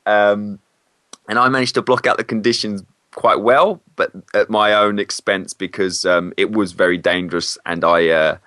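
A man's voice: lowish voice, fairly even intonation, moderate pace, bright, forceful tone, clean tone, no echo, clean studio sound. A man, a former PE teacher, talks candidly and hesitantly in a casual interview. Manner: candid, hesitant, self-correcting.

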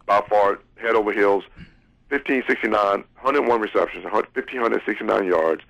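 Deep, gravelly male radio co-host. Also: normal speed, fairly bright tone, no room sound. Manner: easygoing, rattles off stats. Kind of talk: casual sports radio chat. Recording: dull, slightly lo-fi line.

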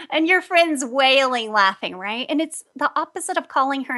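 A woman hosting an advice talk, telling personal stories in an animated way and laughing often. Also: high voice, normal speed, few pauses. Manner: animated, laughs often, acts out quoted voices. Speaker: host, energy healer.

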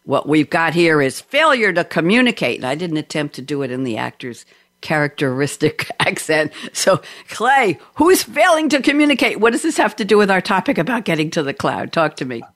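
A woman hosting a podcast and interviewing guests over a video call, chatty and lively. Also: low voice, fairly quick. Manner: chatty, lively and often amused. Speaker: podcast host.

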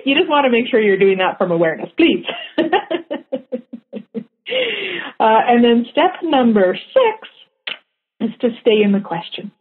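A woman's voice: a little high, very animated, moderate pace. A woman teaching a class in a chatty way, often laughing at her own jokes. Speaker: workshop facilitator. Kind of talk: teaching talk. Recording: tinny phone-line sound.

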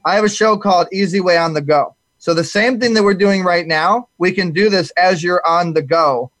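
A male talk show host who rambles along with restarts and fillers. His voice sits fairly high for a man. The sound is dry and close, with no room to it. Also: normal speed, a bit bright, no echo. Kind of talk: casual live talk show chat.

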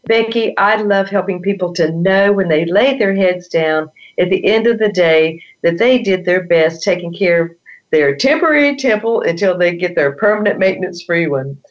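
A woman's voice: fairly low pitch, normal speed. Southern woman guest, effusive, lo-fi. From Charlotte, North Carolina. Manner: warm, effusive. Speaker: guest, health coach. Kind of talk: interview answers. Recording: dull lo-fi audio.

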